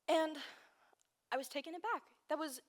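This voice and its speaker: Young woman from Texas, early 20s, student speaker; slightly high voice, earnest storytelling with emphatic repeated phrases. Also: moderate pace. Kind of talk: personal storytelling speech.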